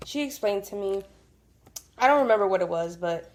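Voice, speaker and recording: A woman's voice: medium pitch, expressive, brisk. A young woman, a podcast guest, chatting casually with lots of fillers and frequent laughs. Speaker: podcast guest, host's best friend. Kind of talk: casual chat.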